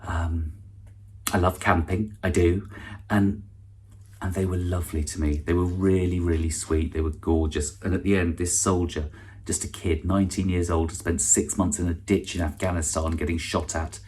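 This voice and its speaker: Deep-voiced dry British comedian host. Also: male voice, level tone, moderate pace, warm tone, a little hiss or hum. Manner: dry, self-deprecating, chatty with false starts. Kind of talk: stand-up comedy monologue.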